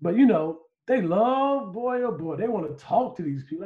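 A man co-hosting a podcast, telling stories in loud, profane, animated banter. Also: sits high, moderate pace, muffled recording. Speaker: podcast co-host.

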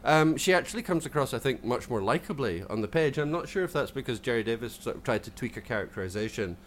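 A man with a Scottish accent chatting casually on a podcast, self-deprecating and quick to laugh, with lots of restarts. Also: medium pitch, expressive, a little hiss or hum. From Scotland. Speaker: podcast co-host.

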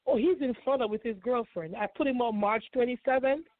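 A woman's voice: fairly high pitch, fairly quick, dry recording. A woman guest telling her personal story in an interview, emotional and repetitive. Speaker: guest author. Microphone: phone call. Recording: tinny dry phone line.

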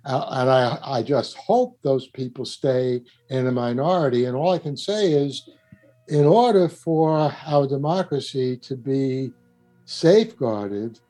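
A man's voice: mid-range voice, mellow, low-quality recording. A man with a New York accent, earnestly talking through politics in a rambling, restarting way. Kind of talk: casual political talk.

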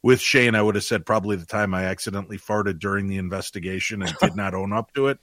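A man, a paranormal investigator, telling funny stories in casual talk and jumping high when he quotes others. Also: fast talker, no room sound. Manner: animated storyteller, jumps high for quoted voices.

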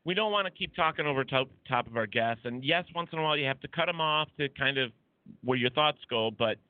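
A man's voice: medium pitch, fast talker, dry recording. A man hosting a talk radio show, chatting casually in a rambling, hesitant way. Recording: dry, phone-like lo-fi audio.

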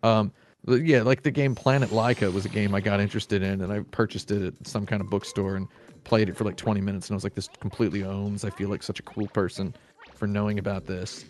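A man's voice: on the low side, level tone, fast talker, darkish tone. A man co-hosting a live stream, chatting casually and jokily with many fillers. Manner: rambling, jokey, many fillers. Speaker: stream co-host.

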